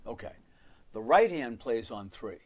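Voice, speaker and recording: His mid-range voice swings widely in pitch, and he takes an unhurried pace. Teaching piano live online, he explains by counting beats and singing rhythm syllables as he plays, often rambling off on asides.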